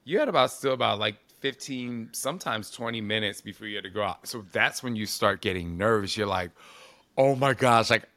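A man in his forties telling stories in a casual interview, animated and expressive, peppering his speech with "like" and the odd swear word. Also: on the low side, brisk, hardly any pauses. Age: 40s.

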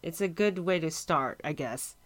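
A woman guest on a podcast in casual chat, relaxed and reactive. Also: low-pitched, normal speed.

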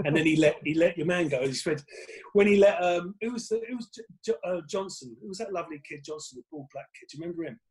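A man, a guest comedian telling animated stories in casual chat and acting out quotes with laughs. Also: high-pitched, fast talker.

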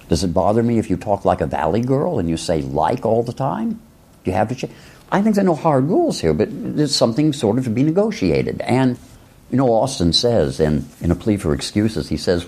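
Gravelly lively-voiced professor, a man. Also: lowish voice. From rural Illinois, USA. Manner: musing, rhetorical questions, frequent asides. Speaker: philosophy professor. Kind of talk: reflective lecture-style talk.

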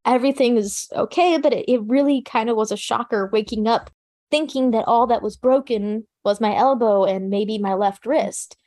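A woman recounting a personal survival story in an interview, speaking in a calm, practical, matter-of-fact way with casual fillers. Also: fairly high pitch, normal speed. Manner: plain conversational fillers like "you know" and "like". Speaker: interview guest.

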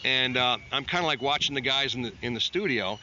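A man's voice: mid-range voice, brisk, bright, forceful tone. A man, a musician, telling a casual, rambling studio anecdote and acting out the people in it. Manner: rambling, self-mocking storyteller who acts out quotes. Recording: dull lo-fi sound with faint noise.

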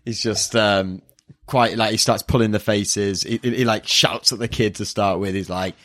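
A man with a low voice, chatting casually on a podcast, full of ums and self-corrections. The sound is dry and close to the mic. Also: steady tone, normal speed, fairly bright tone, no room sound. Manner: rambling, hesitant, with many fillers and restarts. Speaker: podcast co-host. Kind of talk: casual chat.

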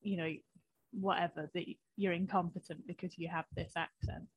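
A woman comedian from the north of England in casual chat, hesitant and halting. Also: fairly low pitch, flat delivery, breathy edge, dry recording, muffled recording. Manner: hesitant, many fillers and restarts.

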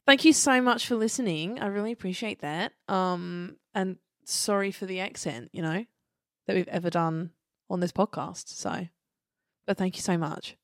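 A woman's voice: fairly low pitch, moderate pace, no echo. Woman podcast co-host, rambly and enthusiastic, casual chat; dry, close recording. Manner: chatty, rambling, frequent ums and restarts.

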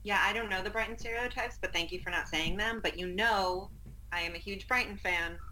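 A woman, a panelist on a football podcast, playful and laughing, with quick asides. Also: medium pitch, bright, forceful tone, poor audio. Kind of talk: casual football chat.

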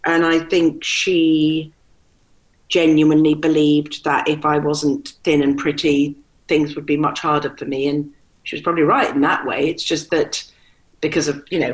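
A middle-aged woman with a low voice is a guest in a conversational interview, captured in a low-quality recording. She tells stories candidly and mimics quotes with animation.

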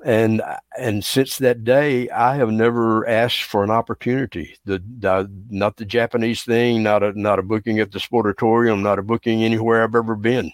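A man's voice: lowish voice, level tone, moderate pace, no room sound. Earnest Texan man with Southern accent. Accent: Texas Southern. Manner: earnest, reflective, repeats words. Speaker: guest, wrestling referee. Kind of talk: podcast interview.

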